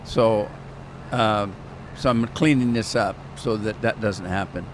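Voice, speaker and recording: A man's voice: on the low side, steady tone, unhurried, noisy background. A man casually chatting through a gaming live stream, rambling, telling stories and laughing at his own jokes.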